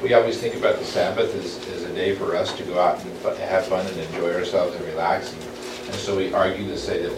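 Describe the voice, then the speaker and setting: Bible study leader, man, mid-pitched, halting delivery, distant mic in a reverberant room. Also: fairly even intonation. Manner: halting, restarts often, slows for reading. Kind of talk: group Bible study, reading scripture aloud. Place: room with a small group. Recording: echoey room, distant mic, background noise.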